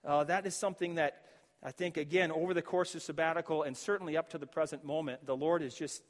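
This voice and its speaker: A man preaching as pastor, his voice sitting a little high for a man. He speaks earnestly and reflectively, restarting phrases as he works through the text. The sound carries a long reverb, as in a hall. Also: fairly even intonation, fast. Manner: earnest, reflective, with frequent restarts while quoting scripture. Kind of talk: sermon.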